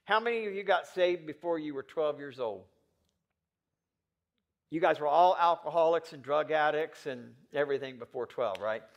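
A male pastor preaches at a moderate pace, moving between quiet, low lines and loud, urgent ones and putting questions directly to the congregation. The highs in the audio are cut off.

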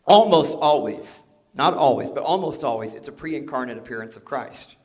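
A man's voice: medium pitch, lively intonation, moderate pace, a little mellow. An older man preaching a sermon, conversational and joking, often restarting his words. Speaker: pastor.

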